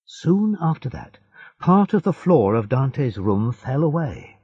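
A man narrating a storybook in a measured, clear way on a dull lo-fi recording. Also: mid-range voice, very animated.

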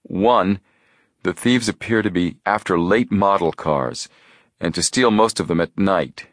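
A man voicing a calm, methodical teenage detective boy who explains his reasoning in a measured way. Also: sits low, no echo, studio quality.

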